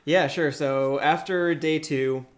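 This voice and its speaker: Measured man breaking down standings. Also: fairly high pitch, steady tone. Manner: measured, analytical, with dry jokes. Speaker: podcast co-host. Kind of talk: casual tournament recap chat. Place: shared rental house, indoors.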